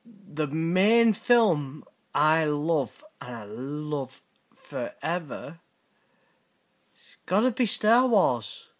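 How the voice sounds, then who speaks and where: A British man in middle age hosts a casual reaction video, his voice sitting fairly high. He drawls unhurriedly through his points, blunt and sweary, with a teasing edge. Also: very animated, drawn-out words. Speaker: channel host reacting to viewer messages.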